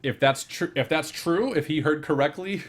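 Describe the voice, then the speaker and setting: A man on a movie news panel, chatting casually, working through guesses with lots of fillers and restarts. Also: a little high. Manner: chatty, talks fast through speculation with many fillers and restarts. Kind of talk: casual chat.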